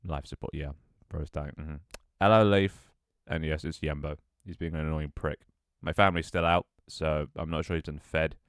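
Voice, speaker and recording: A man's voice: very deep voice, steady tone, normal speed, few pauses, clear, resonant tone, dry recording, studio quality. A tired, out-of-breath young man chatting casually with his livestream audience, sighing and swearing offhandedly. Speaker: Twitch streamer.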